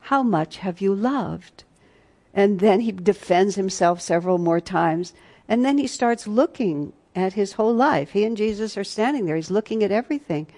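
A woman leading a spiritual retreat class, telling a story in a conversational way with many restarts. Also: medium pitch. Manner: conversational storytelling, many restarts, shifts between soft and loud. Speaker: retreat teacher.

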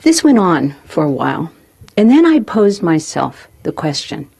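A woman speaker telling a personal story to a live group, expressive and often laughing as she speaks. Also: deep voice, a little slow, gravelly, breathy edge. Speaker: spiritual speaker.

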